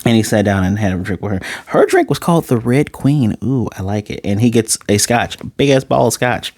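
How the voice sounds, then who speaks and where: A man's voice: fairly low pitch, very animated, a little fast, a little mellow, no echo, studio quality. A young man recapping and reviewing an anime episode in a loose, joking, slangy way, swearing freely.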